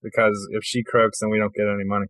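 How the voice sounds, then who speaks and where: A man's voice: fairly low pitch, monotone, quick pace, fairly bright tone, no room sound. A man playing in a tabletop role-playing game, chatting casually and cracking jokes. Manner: joking and playful, often laughing. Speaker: player.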